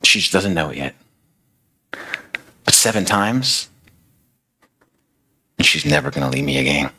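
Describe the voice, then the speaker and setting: A man's voice: low voice, very animated, measured pace, vocal fry, pushed and bright, breathy edge, full character voice. A man voicing a loving, overjoyed male savior who speaks tenderly and reassuringly.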